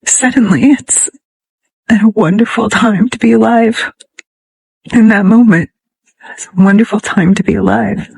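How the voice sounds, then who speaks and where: An older woman from the United States speaking in a halting, tearful way and at times dropping to a whisper, sharing something on a casual vlog. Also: mid-range voice, creaky, a little mellow, husky, no room sound, low-quality recording. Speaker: social media poster.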